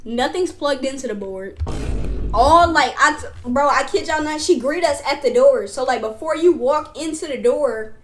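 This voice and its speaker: A young woman streamer telling a school story to her chat, animated, loose and full of slang. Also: high-pitched, moderate pace, a little hiss or hum. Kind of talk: casual storytime chat with viewers.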